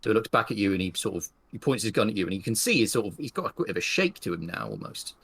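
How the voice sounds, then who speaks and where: A man narrating a western tabletop game as game master, rambling through his scenes with many fillers. His voice sits on the low side. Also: big pitch swings, very fast, creaky, fairly bright tone, slightly rough.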